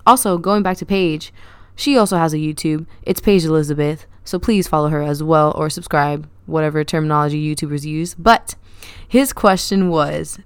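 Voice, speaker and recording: A young adult woman hosting her own podcast, telling rambling stories in a chatty, animated way with lots of fillers. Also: low voice, clean tone, dry recording. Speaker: podcast host. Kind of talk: casual storytelling monologue.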